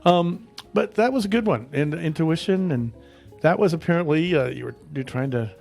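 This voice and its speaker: A man's voice: fairly high pitch, normal speed, creaky, darkish tone, soft background music. A man hosting a casual radio interview, rambling and joking with his guest. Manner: jokey, rambling, laughs often. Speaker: radio host.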